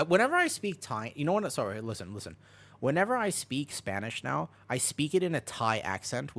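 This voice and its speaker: A young man talks loosely over a live game stream, bouncing from one topic to the next and often breaking into laughter. His pitch swings up and down a lot as he answers chat. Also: bright, forceful tone. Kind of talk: casual live-stream commentary while gaming.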